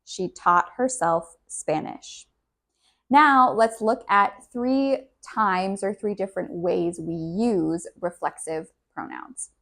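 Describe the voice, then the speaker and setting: A woman teaching an English lesson, who says each example sentence and then slowly repeats it for learners. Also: medium pitch, fairly bright tone. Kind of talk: slow, clear English lesson.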